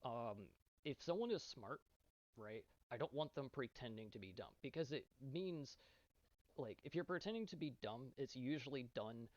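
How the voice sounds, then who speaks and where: A man's voice: mid-range voice, animated, normal speed, no echo. A man who is an esports team captain tells his side of a dispute in an earnest, aggrieved monologue, often checking in with "right?". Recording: dull, slightly muffled, dry sound.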